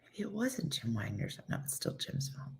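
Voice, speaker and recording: A woman's voice: sits low, big pitch swings, normal speed, vocal fry, a little mellow, whispered. A woman hosting a live morning show, telling stories in a chatty way, acting out quotes and answering viewers by name. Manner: chatty storytelling, acts out quotes, laughs often. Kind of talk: casual live-stream chat reading comments.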